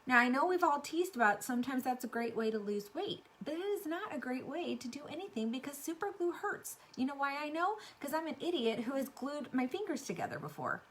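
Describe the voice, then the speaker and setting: A middle-aged woman chatting casually to camera about beauty products, animated and full of fillers. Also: high-pitched, brisk, few pauses, slight background noise. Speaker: beauty vlogger and sales rep.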